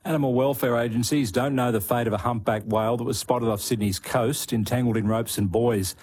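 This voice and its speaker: A man reading radio news bulletins in a measured scripted way. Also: medium pitch, fairly even intonation, darkish tone, husky. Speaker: news presenter.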